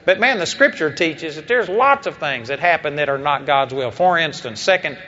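A man's voice: on the high side, animated, normal speed, bright, forceful tone. A man preaching a sermon, telling a story with impassioned, emphatic delivery. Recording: dull lo-fi recording.

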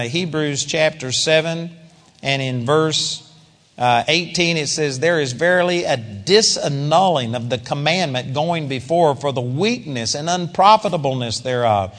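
A man teaching a live sermon at a seminar, preaching emphatically and acting out the voices of his listeners. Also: a little high. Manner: animated, emphatic preaching with acted-out quotes. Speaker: Bible teacher. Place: large seminar hall. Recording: live recording with long hall reverb.

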